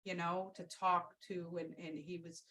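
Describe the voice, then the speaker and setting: A woman's voice: on the low side, flat delivery, measured pace, fairly bright tone, poor audio. A woman Reiki practitioner hosting a podcast, telling a session story and answering questions in a rambling, heartfelt way, with many fillers and restarts. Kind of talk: casual storytelling and Q&A.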